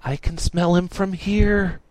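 A man voicing a blunt, dim young man who speaks in a flat, matter-of-fact way. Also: sits high, slow pace, dry recording, pitched above the performer's own voice.

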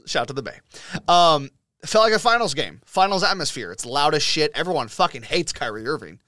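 Excitable, profane sports-podcast man, higher voice. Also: fairly quick, dry recording, clean studio sound. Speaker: podcast host. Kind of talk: casual sports podcast chat.

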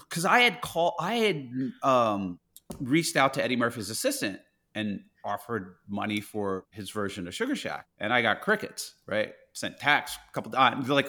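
Bright-voiced animated male storyteller. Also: mid-range voice, normal speed. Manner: animated storyteller, acts out quoted voices, laughs often. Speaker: art collector guest. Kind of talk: casual interview talk.

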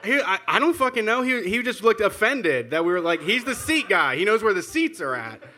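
A man's voice: sits high, very animated, a little fast, sharp tone, a little hiss or hum. A man chatting casually as a podcast co-host, telling an anecdote with swearing and acted-out quotes. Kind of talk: casual chat.

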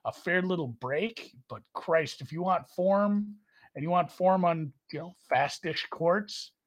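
A man hosting a casual sports betting chat, rambling and poking fun at himself. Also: a little slow. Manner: rambling, self-mocking, jumps in pitch. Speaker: sports betting podcast host.

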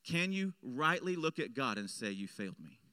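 A man preaching a sermon as pastor, swinging between loud emphatic lines and hushed low ones. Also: big pitch swings, normal speed, clear, resonant tone, no room sound. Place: church.

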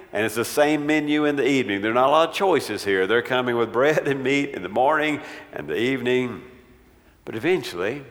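A man preaching a sermon, telling a story with rising, dramatic swells and acting out the voices in it. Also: a bit bright. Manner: dramatic, acts out quotes with swells in pitch and volume. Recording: long reverb of a large hall.

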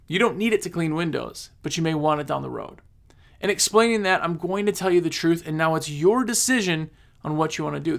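Gravelly high-voiced man giving casual advice. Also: a bit bright. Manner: rambling, repeats himself, acts out customers. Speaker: cleaning business coach. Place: recording on his phone.

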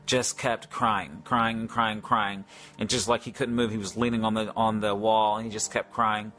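A man's voice: on the low side, little pitch movement, moderate pace, pushed and bright, faint music behind. Rambling man sharing a faith story. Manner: rambling, many fillers and restarts. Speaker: Christian speaker. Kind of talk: casual faith testimony.

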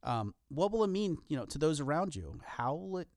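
A man's voice: a little high, sing-song, fairly quick, a little mellow, no room sound, studio quality. A man co-hosting a podcast, talking earnestly in a casual motivational way with wry self-deprecating jokes. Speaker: podcast co-host.

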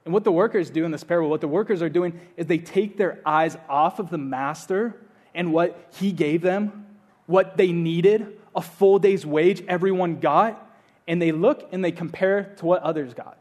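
Earnest male preacher, fairly high voice. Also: moderate pace. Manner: earnest, repeats phrases, swings from loud urging to hushed. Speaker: pastor. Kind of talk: sermon.

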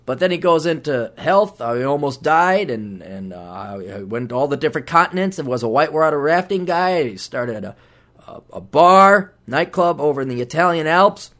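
A man hosting a podcast in a rambling, casual monologue, swearing freely and acting out quick voices as he talks. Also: on the high side. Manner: rambling, profane, animated, acts out voices. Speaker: podcast host. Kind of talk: casual monologue plugging books.

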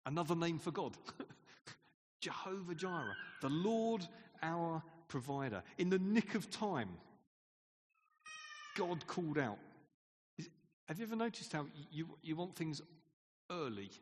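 A man's voice: fairly high pitch, lively intonation, unhurried, pauses often, a little hiss or hum. A man preaching a sermon in a conversational way, asking the congregation questions and laughing often. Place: church hall. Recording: long hall reverb.

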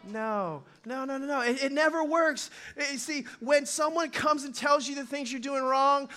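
A middle-aged man preaching a sermon in a loose, conversational way, talking straight to his congregation and now and then acting out short voices. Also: very high voice. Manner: animated, conversational, acts out quick voices. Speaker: pastor.

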